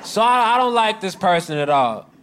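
A man telling a long stand-up story, mostly deadpan, with sudden loud outbursts. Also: high voice, moderate pace, crowd noise, background noise. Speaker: stand-up comedian.

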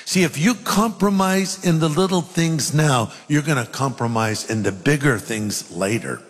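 A man preaching a sermon, speaking emphatically and reading scripture aloud with dramatic pauses. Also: fairly high pitch, expressive, husky, big-room sound.

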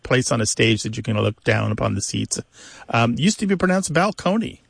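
A man's voice: medium pitch, lively intonation, fairly quick, vocal fry, husky, no echo. A man co-hosting a language call-in show, explaining word stress in a professorial way with many examples. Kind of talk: explanatory radio chat.

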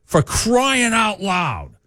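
A man's voice: high-pitched, wildly swooping pitch, very slow, no room sound, studio quality, voice pushed up, full character voice. A radio host putting on an exaggerated Massachusetts accent to read out a fed-up male ice cream shop owner's scolding post. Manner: loud, scolding, brash.

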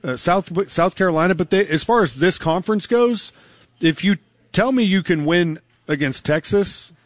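A man hosting a live sports talk radio show, giving quick, opinionated game analysis. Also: sits high, no echo. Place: live remote broadcast at a car dealership.

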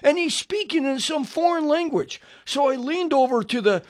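An older man, a radio preacher, telling his conversion story as a sermon and acting out the dialogue with lively shifts of voice. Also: very high voice, normal speed. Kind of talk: personal testimony sermon.

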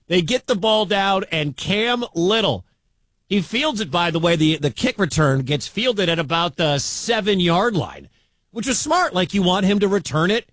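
A man hosting live sports radio, calling a game play by play and shouting at big moments. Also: high voice, dry recording. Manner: excitable, shouts at big plays.

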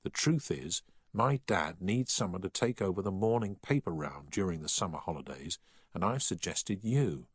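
A man's voice: low-pitched, expressive, normal speed, husky, no echo, clean studio sound. A man reading the part of a studious schoolboy who speaks seriously and in a matter-of-fact way.

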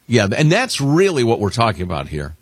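A male talk radio host with a slightly husky voice and a lively, wandering pitch. He reads listener mail and trades dry, sarcastic banter with his co-host. The sound is close and dry. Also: a little fast, no echo.

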